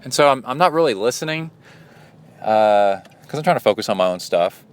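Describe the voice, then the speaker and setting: A man's voice: mid-range voice, lively intonation, fairly quick, smooth. A man hosting a podcast as a coach, telling a story in a rambling, indignant way with many fillers. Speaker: podcast host and endurance coach. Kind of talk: casual storytelling monologue.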